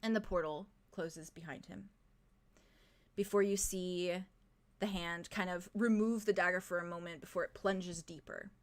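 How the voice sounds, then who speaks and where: A woman's voice: fairly low pitch, fairly even intonation. Woman narrating a tabletop game. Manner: halting, full of "kind of" and "like". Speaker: game master.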